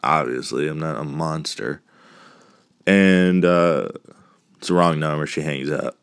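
A man's voice: very deep voice, a little slow, gravelly, clear, resonant tone, dry recording, studio quality. A man hosting a podcast, chatting casually in a rambling, profane way. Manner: rambling, profane, laughing asides. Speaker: podcast host. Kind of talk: casual movie recap podcast.

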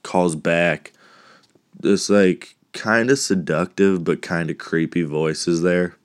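A man with a very low voice hosts a casual podcast, rambling through a movie recap with profane asides. He takes his time, drawing out his words. The sound is close and dry, with no room echo. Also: steady tone, takes it slowly. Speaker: podcast host.

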